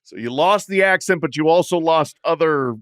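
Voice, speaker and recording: A man co-hosting a casual sports chat, laughing along and chiming in with quick, teasing questions. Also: fairly high pitch, fairly bright tone, no room sound, studio quality. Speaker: podcast co-host.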